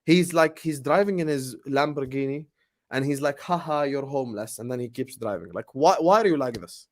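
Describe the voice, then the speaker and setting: A young man, ranting in a heated casual podcast chat, repeating his lines and swinging from loud to low. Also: animated, a little fast. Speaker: co-host.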